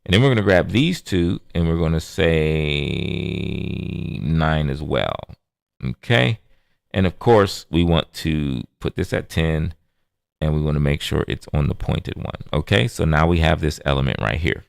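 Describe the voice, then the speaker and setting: A man hosting a casual digital drawing tutorial, playful and chatty, calling out viewers as y'all and tossing in sound-effect words like boom. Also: lively intonation, measured pace, creaky, clear, resonant tone, no room sound, studio quality. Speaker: digital art tutorial host.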